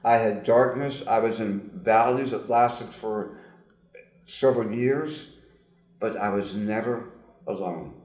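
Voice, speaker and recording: Brief: older man with lowish voice and slightly altered diction from surgery, earnest testimony, roomy echo. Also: a little mellow. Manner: earnest, emphatic, with frequent pauses and fillers. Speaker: guest, psychologist. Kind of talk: personal testimony in an interview.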